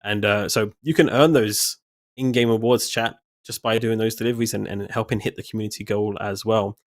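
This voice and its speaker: A man's voice: fairly low pitch, steady tone, fairly quick, no echo, clean studio sound. A man co-hosting a casual live stream, upbeat and addressing chat directly. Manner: upbeat, talks to chat, promotional. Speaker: community host.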